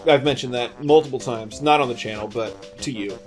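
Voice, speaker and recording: A man's voice: medium pitch, a little fast, a little mellow. A man co-hosting a video game let's play, rambling and joking casually and swearing freely. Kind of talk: casual gameplay commentary. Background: game music.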